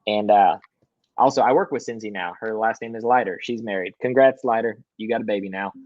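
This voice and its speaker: Young man, podcast guest, casual storytelling, animated, swears, muffled, dry room. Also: lowish voice, fairly quick, no room sound. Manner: animated, swears, acts out quotes. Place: hotel room.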